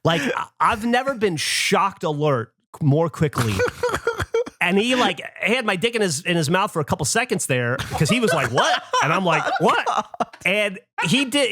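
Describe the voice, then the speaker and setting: A middle-aged man co-hosting a podcast, telling a story in a lively, comic way and breaking into loud shouts when he acts it out. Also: sits high, normal speed, dry recording. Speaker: podcast co-host. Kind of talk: casual chat, comic storytelling.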